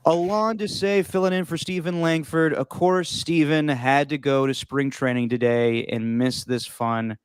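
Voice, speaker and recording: Young man, podcast host, casual sports chat, joking, smooth resonant voice, dry close sound. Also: a little high, fairly even intonation, a little slow, hardly any pauses, dry recording. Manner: loose, swearing, laughs easily.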